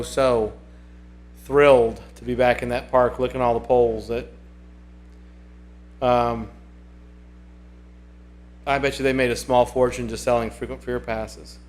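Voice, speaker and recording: A man's voice: mid-range voice, fairly even intonation, measured pace, long pauses. A man hosting a casual livestream, chatting and reading viewer comments aloud in a rambling way that often repeats itself. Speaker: livestream host.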